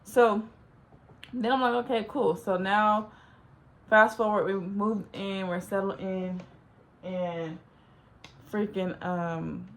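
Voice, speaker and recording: A young woman telling a rambling, animated story, filling it with "like.". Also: mid-range voice. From Los Angeles. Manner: rambling, says "like" constantly, animated. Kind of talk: casual storytime.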